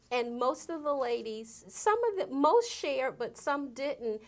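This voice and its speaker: Lady guest on a talk show, bit higher voice, earnest, leans into her points. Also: animated, measured pace, hardly any pauses. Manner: earnest, emphatic storytelling. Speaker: guest from an AIDS service organization. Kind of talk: casual interview conversation.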